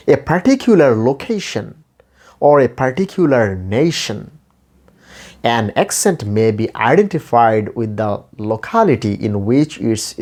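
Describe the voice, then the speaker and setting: A man, a non-native speaker of English, giving a deliberate lecture on pronunciation and slowly listing terms one by one. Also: medium pitch, darkish tone. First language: Bengali. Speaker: English teacher.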